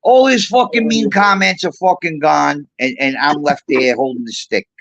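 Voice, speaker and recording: A man's voice: fairly high pitch, moderate pace, a bit bright, highs cut off. A man telling heated, profane stories in casual live-stream chat, a regular of the show. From Puerto Rico.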